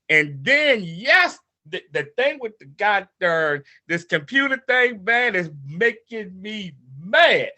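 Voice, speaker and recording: High, bright-voiced man telling a story. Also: expressive, a little slow. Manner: fired-up storyteller who acts out what he and others said. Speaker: participant in a coaching call. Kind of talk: personal story told to a group.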